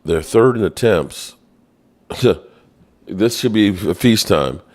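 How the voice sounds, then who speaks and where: A man hosting a casual live-stream sports show, reading the chat aloud in a playful, self-mocking way. His voice leaps high when he gets exasperated. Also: expressive, slow pace, a little mellow.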